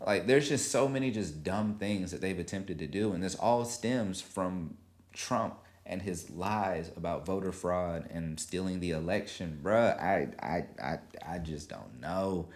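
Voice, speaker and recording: A man hosting a solo podcast, talking in casual, animated commentary, swearing freely and acting out quotes. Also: deep voice, measured pace. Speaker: podcast host.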